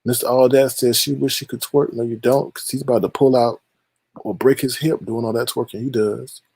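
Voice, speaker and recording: A man's voice: medium pitch, steady tone, moderate pace, gravelly, dark tone, breathy edge, no room sound. A man hosting a livestream, teasing and shady as he reads viewer chat aloud and gives gossip commentary. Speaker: livestream host reading chat.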